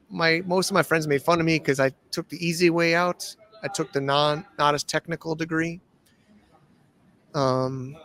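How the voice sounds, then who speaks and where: A man's voice: on the high side, fairly bright tone. A man in his forties from the United States, telling his life story as a podcast guest in a rambling, casual way, with many restarts. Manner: rambling, with restarts and acted-out quotes.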